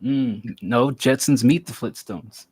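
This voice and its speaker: A man's voice: mid-range voice, takes it slowly, a little mellow, husky. A man hosting a live music review stream, giving blunt, offhand verdicts in casual chat.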